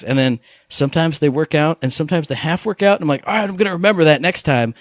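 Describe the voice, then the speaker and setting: A man co-hosting a gaming podcast, chatting casually and rambling excitedly through stories. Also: fairly high pitch, fast talker, few pauses, no echo, clean studio sound. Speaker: podcast co-host.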